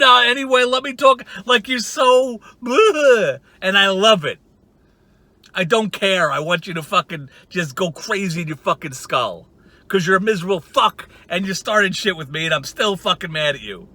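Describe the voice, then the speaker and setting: A man's voice: high voice, bright, forceful tone, dry recording. A man hosting his own channel, ranting casually in a profane, sarcastic and rambling way. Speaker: channel host.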